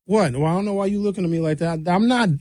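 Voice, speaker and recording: A man from Milwaukee, hosting a comedy radio show. He rambles and jumps animatedly between high and low pitch. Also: fast talker, darkish tone, no room sound, studio quality. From Milwaukee, USA. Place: radio studio.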